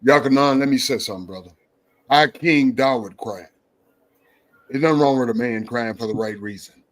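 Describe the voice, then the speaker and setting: A man's voice: medium pitch, normal speed. A male host with a mid-range voice who speaks in a preacherly way. He stacks up repeated phrases and leans into each one as he runs a streamed faith talk show.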